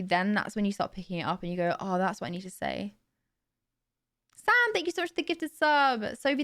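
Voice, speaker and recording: A woman's voice: medium pitch, a bit bright. A young woman streamer in casual live-stream chat, laughing often and reading out chat messages.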